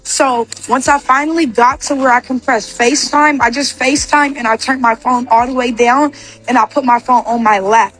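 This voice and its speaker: A woman's voice: high-pitched, steady tone, a bit bright. A young woman telling a personal story in a casual storytime, rambling with constant "like" fillers. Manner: rapid, filler-heavy with constant "like".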